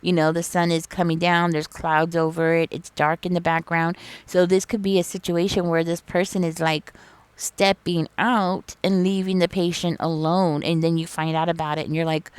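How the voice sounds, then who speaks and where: A woman's voice: on the low side, flat delivery, moderate pace, smooth, no echo. A woman giving a casual tarot reading, chatty and rambling as she thinks aloud. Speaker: tarot reader.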